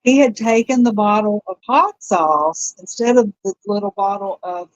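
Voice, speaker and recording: A woman telling a funny story in a slow, laughing way during a casual chat. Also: mid-range voice, no room sound, dull audio. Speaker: group chat participant.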